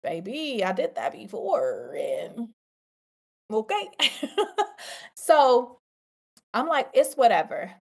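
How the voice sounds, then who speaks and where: A middle-aged woman, a podcast host and coach, telling a personal story in a casual, animated way and talking straight to her listeners. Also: on the high side. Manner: animated, conversational, addresses listeners as y'all.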